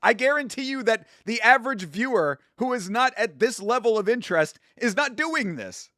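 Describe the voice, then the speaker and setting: A man hosting a watch-along from home, chatting casually, rambling, laughing at his own jokes and sometimes bursting out loud. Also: very high-pitched, lively intonation, moderate pace, dry recording, clean studio sound. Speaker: YouTube host doing a watch-along. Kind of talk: casual live commentary.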